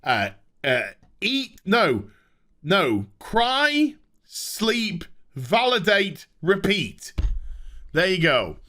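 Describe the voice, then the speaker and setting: Sarcastic reviewer, high and bright, exasperated profane rant. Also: male voice, very animated, drawn-out words. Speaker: TV show reviewer. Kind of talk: comedic rant recap.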